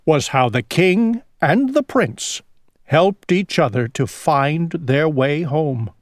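A kindly old elephant uncle, put on by a woman reading aloud, spinning a tale in a gentle, unhurried way. The voice is close and dry. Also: low voice, expressive, no echo. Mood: storytelling.

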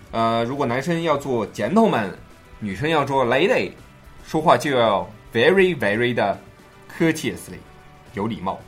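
A man co-hosting a language show, explaining English phrases in Mandarin with a playful, teasing manner. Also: mid-range voice. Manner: jokey, teasing, animated. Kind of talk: playful bilingual lesson banter.

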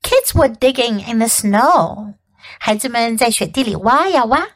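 A woman teacher reads a children's story aloud with clear, expressive diction. Her high voice rises and falls a great deal, and she takes her time. The recording is close and dry. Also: unhurried. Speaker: English teacher. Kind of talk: bilingual children's storybook reading.

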